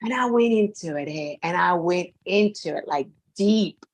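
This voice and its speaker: Woman with a lowish voice telling a really emotional personal story, heartfelt, repeats herself a lot, goes soft and hushed sometimes. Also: animated, moderate pace. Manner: earnest and heartfelt, with repeated phrases and soft laughs.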